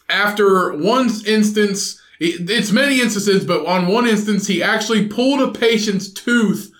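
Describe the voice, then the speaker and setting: A high-pitched man with a bright, tense voice rambles through crude podcast banter, swearing freely and slipping into put-on voices for his bits. He sounds like he's in an echoey room. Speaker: podcast co-host. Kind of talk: crude casual chat.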